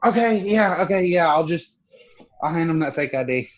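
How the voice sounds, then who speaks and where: A man's voice: a little high, lively intonation, moderate pace. Male tabletop player, casual, stammers and curses, muffled mic. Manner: swearing, stammering.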